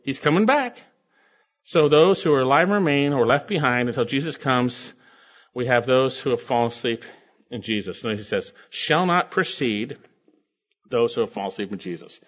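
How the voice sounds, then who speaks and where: A man's voice: medium pitch, expressive, moderate pace, fairly bright tone, highs cut off. A man preaching an expository sermon, teaching verse by verse in an emphatic way and asking rhetorical questions. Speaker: pastor.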